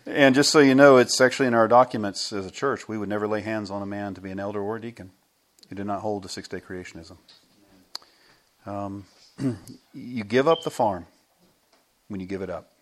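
An American pastor preaching a sermon in a church, telling stories with a lively manner and chuckling between his points. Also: on the low side, brisk, pauses often. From United States.

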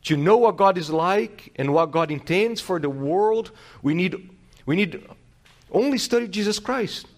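A man preaching a sermon in a somewhat high voice. He teaches through rhetorical questions and restarts his phrases. He swings between loud emphatic lines and slow, quiet ones. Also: lively intonation. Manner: emphatic, varies loudness and pace widely. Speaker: pastor.

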